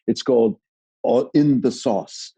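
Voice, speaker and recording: A middle-aged man, a guest on a podcast, telling stories in an animated, halting way. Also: medium pitch, breathy edge, no echo. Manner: animated, halting storytelling with restarts. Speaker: guest, actor. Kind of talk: podcast conversation, storytelling.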